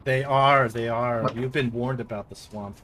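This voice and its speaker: A male game master narrating a tabletop game with frequent restarts and fillers. His voice sits at a middle pitch, with a faint hiss behind it. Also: fairly even intonation, a bit bright. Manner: halting, many fillers and restarts, laughs easily.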